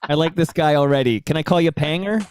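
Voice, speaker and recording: Canadian man, co-host, wry quips, slightly high voice, dry sound. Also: fast, darkish tone, smooth, no room sound. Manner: wry, brief interjections.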